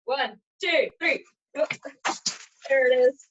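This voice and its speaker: A woman's voice: sits high, slow pace, dull audio, background noise. A woman chatting and giggling as she performs magic over a video call. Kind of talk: casual live magic act on a video call.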